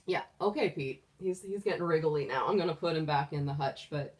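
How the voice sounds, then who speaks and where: A woman's voice: sits low, a little fast. A middle-aged woman hosting a tarot livestream from a room at home, chatty and doting, laughing often. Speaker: tarot reader, livestream host. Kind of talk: casual livestream chat. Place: room at home with the door closed. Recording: voice a bit distant from the mic.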